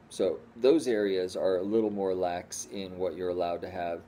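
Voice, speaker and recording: A man's voice: low-pitched, little pitch movement, normal speed, hardly any pauses, warm tone. A man from the Northeastern United States chatting casually at home in a rambling, easygoing way, full of restarts. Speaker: squirrel rehabber vlogger. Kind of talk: casual home vlog chat.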